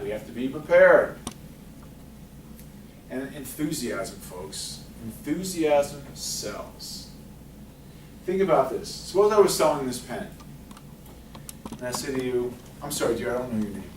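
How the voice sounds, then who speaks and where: A man presenting a career workshop, talking lively with the audience and asking them questions. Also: medium pitch. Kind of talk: interactive workshop talk. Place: library meeting room. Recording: echoey room, distant mic, faint noise.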